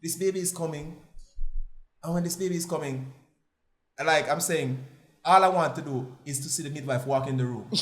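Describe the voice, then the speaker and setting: A young man telling a personal story as an interview guest, lively and laughing often as he acts out the voices. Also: a little high, normal speed, pauses often.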